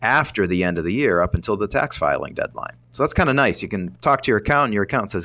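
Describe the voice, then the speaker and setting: A man's voice: on the low side, very animated, fast, hardly any pauses, pushed and bright. A man working as a financial advisor, rambling on as he explains money tips on a radio show.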